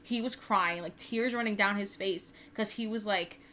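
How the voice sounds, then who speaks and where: A woman's voice: medium pitch, moderate pace, fairly bright tone, slight background noise. A woman in her twenties telling a personal story in casual chat, candid and profane with lots of "like". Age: 20s. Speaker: podcast co-host.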